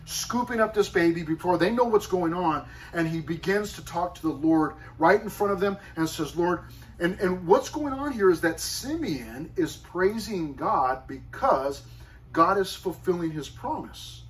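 A male pastor delivers a sermon in a loose, storytelling way and wanders into casual asides. His voice sits a bit high for a man. He sounds somewhat distant from the microphone. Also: animated, unhurried. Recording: voice far from the mic.

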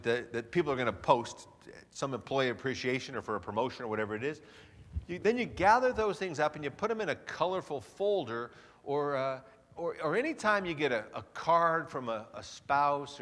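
A man's voice: medium pitch, a bit bright. A man giving a motivational seminar talk in a large hotel hall, playful and theatrical. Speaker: seminar speaker. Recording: reverberant hall.

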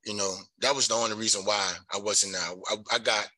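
A middle-aged man pleads his case in a rambling, earnest way. His voice is low-set and very bright, with a sharp edge. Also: steady tone, fairly quick, low-quality recording. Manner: rambling, earnest, full of "you know". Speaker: parolee at a hearing. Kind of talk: pleading testimony.

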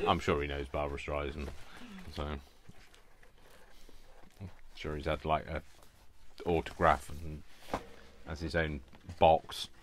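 A man with a very low voice chats away at his craft table, rambling and poking fun at himself. A faint hiss sits under his voice. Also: level tone, slow pace, pauses often, fairly bright tone. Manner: rambling, chatty, self-mocking, laughs often. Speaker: crafting video host. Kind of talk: casual chat while crafting.

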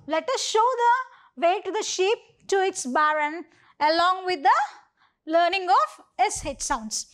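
A woman's voice: extremely high pitch, a bit bright. A woman with an Indian English accent teaching an online phonics lesson to young children, spelling words out letter by letter. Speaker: primary school teacher.

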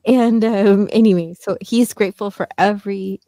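A woman's voice: medium pitch, steady tone, moderate pace, mellow, dry recording. A woman co-hosting a casual chat, rambling through a family story and acting out the people in it. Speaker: podcast co-host.

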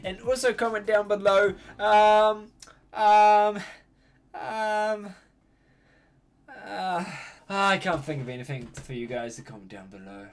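A man reacting to a show on his channel in casual talk, excitable and gushing, often breaking into laughter. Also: high-pitched, slow.

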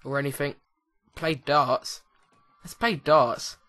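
This let's play host, a young man, speaks slowly in a fairly high, sharp-toned voice. His commentary on the video game he's playing is casual, rambling and jokey, full of restarts.

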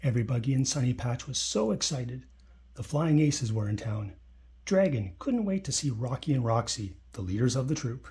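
A man reading a children's picture book aloud in a friendly, expressive way. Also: mid-range voice, moderate pace. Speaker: storybook reader.

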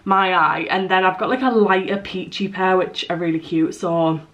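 A woman's voice: on the low side, normal speed, a bit bright, highs cut off. A young British woman chatting to the camera in a casual vlog, rambling and a bit nervous and out of breath. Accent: British English. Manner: chatty, rambling, self-deprecating. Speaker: vlogger.

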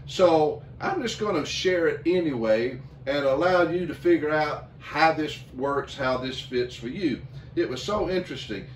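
A male pastor leading a communion service, talking slowly with many fillers and restarts. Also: a little high, animated, a little hiss or hum. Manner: slow, halting, with many fillers. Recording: echoey room, mic at a distance.

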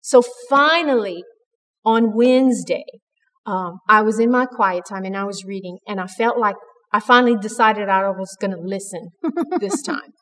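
A woman's voice: medium pitch, normal speed, a bit bright, in a large hall. A woman giving an earnest, conversational devotional talk at church, with frequent restarts. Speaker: church speaker.

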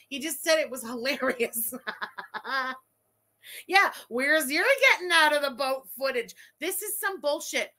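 A woman streamer reacting live, her voice high and bright with a tense edge. She swears freely and bursts into laughter and indignant rants, and she thanks viewers between outbursts. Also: a little slow. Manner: excitable, profane, laughing outbursts.

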